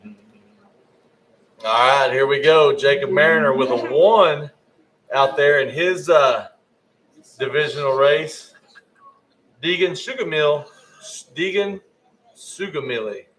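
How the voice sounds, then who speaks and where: A man's voice: medium pitch, takes it slowly, long pauses, a bit bright, a little hiss or hum, rough recording. A man giving live race commentary, often stumbling over rider names and correcting himself.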